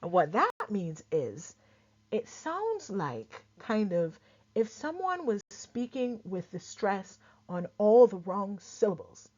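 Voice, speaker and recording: A woman from Barbados with a lightly softened Barbadian accent, chatting casually as she explains, full of quick examples and asides. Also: medium pitch, huge pitch swings. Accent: Barbadian, softened for clarity. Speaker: culture explainer host. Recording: dull lo-fi sound.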